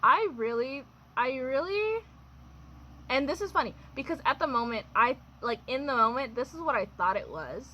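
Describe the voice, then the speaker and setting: A woman's voice: high voice, animated, moderate pace, pushed and bright, a little hiss or hum, rough recording. A young adult woman telling a personal storytime in a chatty, wry way, full of fillers and laughs. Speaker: vlogger. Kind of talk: casual storytime.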